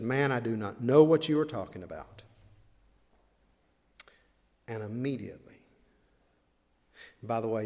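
A man preaching a sermon, dramatic in delivery, dropping to hushed asides and then rising to loud, slow, emphatic phrases. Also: on the low side, creaky. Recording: long reverb of a large hall.

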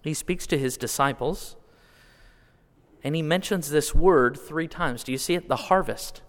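A man from California preaching a sermon, asking the congregation questions and swinging between quiet asides and loud, drawn-out appeals. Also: fairly high pitch. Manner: asks the congregation direct questions. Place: church sanctuary. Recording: long hall reverb.

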